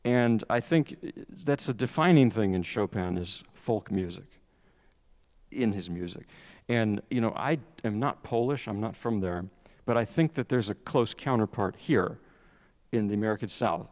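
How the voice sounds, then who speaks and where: A man with a somewhat low voice gives a public lecture as a piano teacher. He speaks in a conversational, halting way and often stops to restart a sentence. His voice rings out with a long reverb in a lecture hall. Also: animated, a little mellow.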